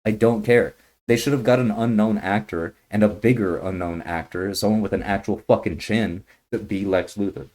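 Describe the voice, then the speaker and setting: A young man with a fairly low voice tears into a movie trailer in a heated, swear-laden rant. He talks bluntly and gets loud and indignant. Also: normal speed. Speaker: YouTuber reacting to a movie trailer. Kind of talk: ranting trailer reaction.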